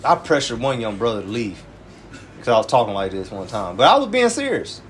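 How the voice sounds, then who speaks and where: A church elder gives informal sermon teaching in a brisk, sing-song, medium-pitched voice, with slight background noise. His preaching is emphatic and colloquial, and he often tacks "man" onto his phrases.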